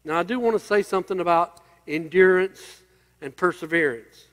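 A man's voice: high-pitched, moderate pace, a bit bright, in a large hall. A male pastor preaching a sermon, emphatic and building through repeated phrases.

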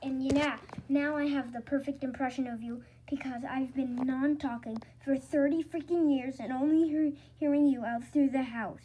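A woman's voice: high-pitched, fairly even intonation, moderate pace, hardly any pauses, mellow, lightly acted. Balloon Boy, gloomy toy boy, put on by a woman. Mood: sulky. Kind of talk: homemade toy puppet skit. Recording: noisy home recording.

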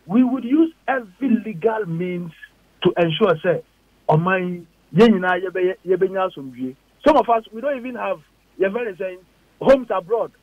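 A man's voice: sits high, no echo. A man with a Ghanaian accent, a politician on a radio interview, firing off emphatic, indignant rhetorical questions. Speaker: politician guest. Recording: dull lo-fi radio audio.

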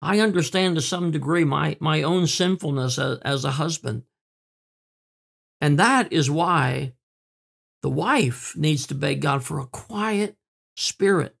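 A man preaching a sermon in an earnest way, with fillers and repeated words, slowing down to stress key words. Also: a little high, vocal fry, a bit bright, slightly rough. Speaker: pastor.

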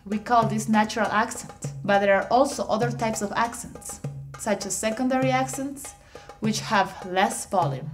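A woman narrating an instructional audiobook, reading definitions in a measured, explanatory way. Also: mid-range voice. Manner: measured, explanatory reading with slightly awkward phrasing.

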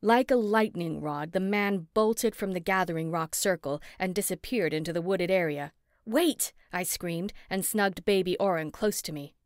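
Brief: woman narrator, lower pitch, expressive, dry close-miked studio read. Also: normal speed, few pauses, clear, resonant tone, no echo. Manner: lively, expressive dialogue. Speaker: audiobook narrator. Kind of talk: first-person audiobook narration.

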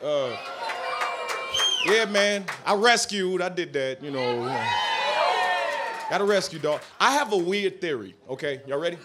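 A man performing a stand-up comedy set on a club stage, swinging from quiet asides to shouted punchlines. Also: high-pitched, lively intonation, unhurried, long pauses, a crowd in the background. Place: comedy club stage before a laughing audience. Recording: live club recording with audience noise.

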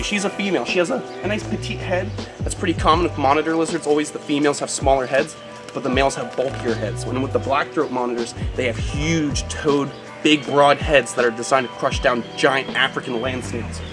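A man hosting a casual animal vlog, talking excitedly and cooing to his pets as he feeds them. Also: medium pitch, reverberant, low-quality recording. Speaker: host of an animal channel.

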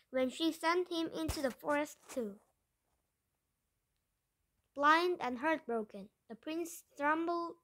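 A woman's voice: high voice, a bit bright, rough recording. A woman reading a fairy tale aloud in English, carefully, with small slips and restarts. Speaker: storyteller. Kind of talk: storybook read-aloud.

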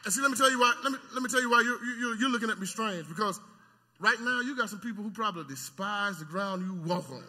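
High bright preaching man in a reverberant church. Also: fast. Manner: swings between soft teaching and loud shouted preaching; stammering repetitions, call-and-response with the congregation. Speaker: pastor. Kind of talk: sermon. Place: church sanctuary. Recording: long church hall reverb.

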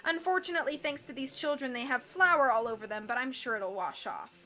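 A woman's voice: high-pitched, fairly quick, pushed and bright. A woman reading aloud, voicing a scheming male villain disguised as a gym coach, with an oily, falsely polite manner. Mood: sly.

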